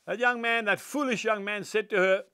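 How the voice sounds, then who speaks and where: Earnest older preacher. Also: male voice, sits high, fairly even intonation, moderate pace, bright, forceful tone, smooth, no echo, clean studio sound. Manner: earnest, emphatic storytelling. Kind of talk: devotional talk.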